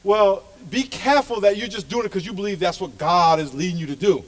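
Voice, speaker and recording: A man's voice: high-pitched, brisk. A middle-aged male pastor preaching a sermon to his church with passionate, emphatic delivery. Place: church sanctuary.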